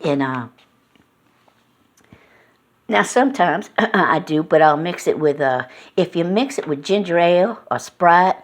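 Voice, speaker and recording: A middle-aged woman vlogging from home, telling a folksy, meandering story full of fillers. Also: low-pitched. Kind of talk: casual rambling storytelling.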